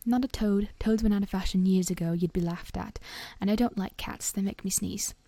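A woman voicing a big, gruff but kindly male gamekeeper with a blunt way of talking in a storybook reading. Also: mid-range voice, steady tone, brisk, dark tone, dry recording, natural voice.

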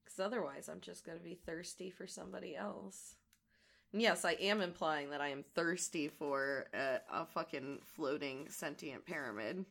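A woman with a gravelly voice today, chatting casually and rambling as she crafts. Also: deep voice, expressive, normal speed, fairly bright tone. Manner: rambling and chatty, many fillers. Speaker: audio creator and crafting vlogger. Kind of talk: casual chat while crafting.

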